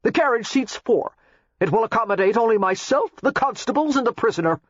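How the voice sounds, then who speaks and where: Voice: mid-range voice, expressive, fairly quick, husky, dry recording, muffled recording, pitched above the performer's own voice. A narrator voicing a stern official in an audiobook, refusing curtly and dismissively. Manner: curt and dismissive. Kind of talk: audiobook character reading.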